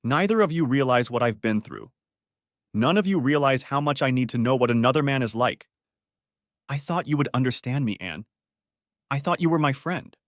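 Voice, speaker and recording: Tearful pleading woman put on by a male narrator, raised pitch, lively swings. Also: normal speed, no echo, studio quality, close to an everyday voice. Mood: shrill. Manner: pleading, shrill outbursts. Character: emotional tearful wife, pleading and shrill. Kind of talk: dramatic story reading.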